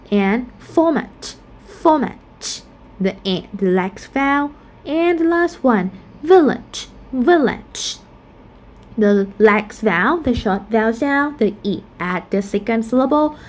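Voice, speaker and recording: Slow, careful woman teaching phonetics. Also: a little high, darkish tone. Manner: explanatory, repeats example words slowly. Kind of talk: casual recorded lesson.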